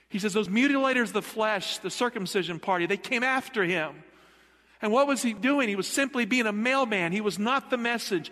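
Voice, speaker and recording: A middle-aged pastor's high-sitting voice sounds pushed and bright as he preaches emphatically, asking the congregation rhetorical questions. The sermon echoes with long hall reverb in the church sanctuary.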